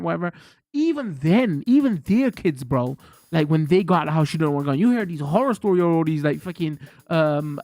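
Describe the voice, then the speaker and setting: A man, chatting casually to his stream viewers, rambling and slangy, full of fillers. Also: high voice.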